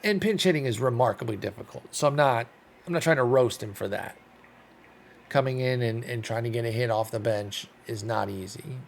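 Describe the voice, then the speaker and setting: A young YouTuber talks fairly quickly through his baseball sim session, thinking out loud and swearing as frustration builds. His voice is medium-pitched with vocal fry, and there's some faint hiss or hum.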